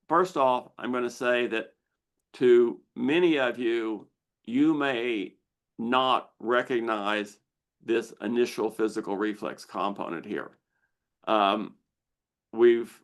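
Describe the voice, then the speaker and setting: Slow, deliberate male presenter. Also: medium pitch, a bit bright. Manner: slow, deliberate explaining with pauses. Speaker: misophonia researcher hosting a Q&A. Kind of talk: live online Q&A presentation with slides.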